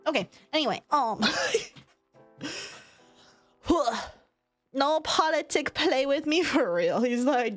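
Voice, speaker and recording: A woman's voice: high voice, lively intonation, takes it slowly, long pauses, soft background music. A young woman streaming casual chat from home, rambling, laughing often and swearing. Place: home room.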